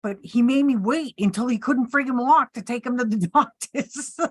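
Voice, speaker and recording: Woman telling funny stories at an animated pace. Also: a little high, normal speed, husky, no room sound, studio quality. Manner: animated storyteller, acts out quotes, laughs often. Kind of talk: casual storytelling chat.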